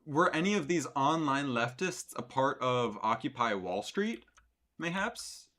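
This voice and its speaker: A man's voice: medium pitch, lively intonation, unhurried, a bit bright. A man streaming live, reacting to a clip with sarcastic, rambling commentary full of fillers.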